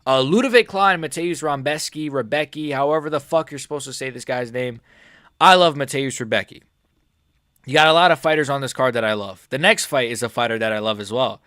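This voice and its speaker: A man talks through his fight predictions in a loose, excitable vlog style, cursing often and catching himself mid-thought. His voice sits at an ordinary middle pitch. The sound is dry and close, with no room echo. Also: a little fast. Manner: excitable, swears a lot, jokey, self-correcting. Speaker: MMA prediction channel host.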